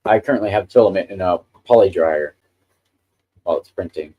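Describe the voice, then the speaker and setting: A man's voice: deep voice, brisk, husky, dull audio. A man hosting a casual live stream, chatting with enthusiasm about the printer he is handling. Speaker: livestream host.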